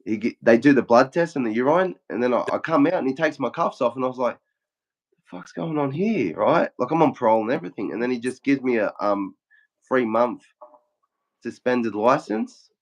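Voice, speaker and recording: A man's voice: medium pitch, fairly quick. Swearing Australian man, lo-fi sound. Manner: swears a lot, acts out quotes in a flat retelling. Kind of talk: casual chat.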